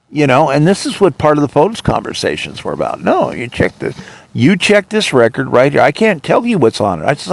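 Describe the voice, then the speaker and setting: A man's voice: mid-range voice, very animated, fairly quick, gravelly, no echo. Indignant man ranting on his podcast. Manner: indignant, ranting, retells arguments. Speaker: podcast host. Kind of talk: monologue.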